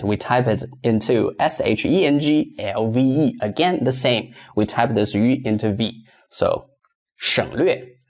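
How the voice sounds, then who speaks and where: A man's voice: mid-range voice, gravelly, a little mellow. A man teaching a step-by-step pinyin lesson, patiently repeating each word several times for learners. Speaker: Mandarin teacher.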